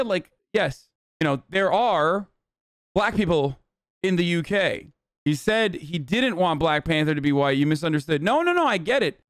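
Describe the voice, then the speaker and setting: A man's voice: high-pitched, no room sound, clean studio sound. A man in his thirties commenting bluntly and with plenty of profanity while reacting to a clip on a live stream.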